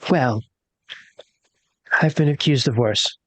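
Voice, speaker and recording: A woman voicing a gentle, kindly adult artist who speaks reassuringly. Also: extremely low pitch, slow, pitched below the performer's own voice, full character voice. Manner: gentle, soft-spoken, reassuring.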